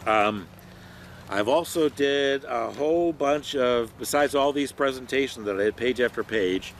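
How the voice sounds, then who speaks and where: A man's voice: medium pitch, a little slow, a little hiss or hum. An older man who works as a training consultant, telling stories about his career in a rambling, conversational way with many fillers. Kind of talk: reflective talk to camera.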